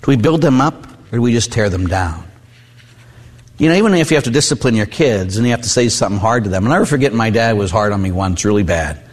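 A man's voice: lowish voice, lively intonation, fast. A middle-aged man, a Catholic priest, preaching a conversational sermon with personal stories and frequent "huh?" asides. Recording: long hall reverb.

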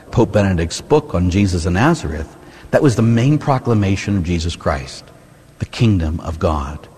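A male priest gives a sermon with a low, slightly husky voice, swinging widely in pitch as he talks. He preaches in an easy, conversational way, firing rhetorical questions at his listeners. The sound rings with the long reverb of a church hall. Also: darkish tone. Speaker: Catholic priest.

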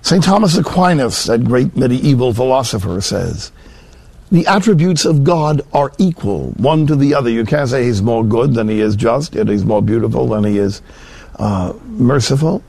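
A man preaching a sermon in an earnest way, rising to emphatic peaks and slowing down for scripture. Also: mid-range voice, expressive, gravelly, darkish tone, no room sound.

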